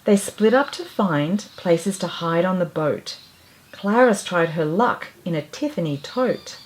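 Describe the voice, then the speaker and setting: A woman reading a rhyming picture book aloud, gentle and expressive. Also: on the low side, measured pace, slight background noise. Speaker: storyteller.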